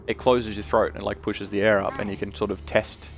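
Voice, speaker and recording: Man, game streamer, low voice, chatty, casual, sweary. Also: flat delivery, brisk, vocal fry, faint music behind. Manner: chatty, sweary, talks about accents.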